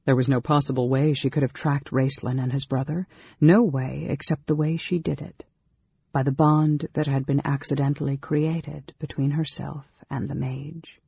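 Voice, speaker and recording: Man reading a fantasy audiobook, gravelly husky voice, steady pace, dull dry lo-fi sound. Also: medium pitch, normal speed, dry recording. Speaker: audiobook narrator. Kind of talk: scripted narration.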